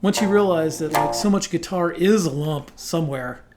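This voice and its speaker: A man teaching a casual guitar lesson in a relaxed, chatty way, scatting rhythms aloud between explanations. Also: fairly high pitch, moderate pace. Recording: loud guitar under the voice. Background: guitar playing.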